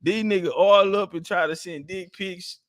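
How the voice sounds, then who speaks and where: A man's voice: high-pitched, fairly even intonation, normal speed, fairly bright tone, no room sound, studio quality. A man giving casual, profane commentary on clips, laughing and mocking as he talks. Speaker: online commentator.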